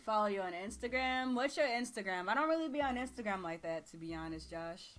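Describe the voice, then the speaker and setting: Tired Texan woman streamer, bright voice. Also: medium pitch, lively intonation, a little fast. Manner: laid-back slangy chatter, reading chat aloud. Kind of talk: casual live-stream chat.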